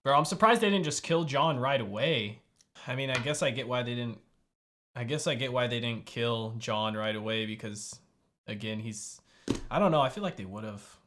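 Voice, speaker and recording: A young man reacting to a TV episode with loud, profane, exasperated exclamations. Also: mid-range voice, lively intonation, normal speed. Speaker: video reactor. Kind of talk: reaction commentary.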